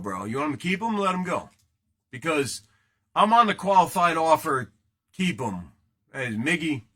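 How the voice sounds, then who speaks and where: A man's voice: fairly high pitch, sharp tone. A man hosting a casual live card break, joking and rambling as he chats with viewers while opening packs. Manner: joking, rambling, banters with chat.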